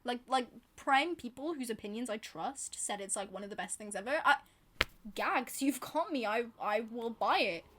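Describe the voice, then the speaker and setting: A woman's voice: a little high, lively intonation, moderate pace, fairly bright tone, slight background noise. A British woman vlogging about books in a chatty, rambling, self-deprecating way. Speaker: book vlogger. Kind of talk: casual chat to camera.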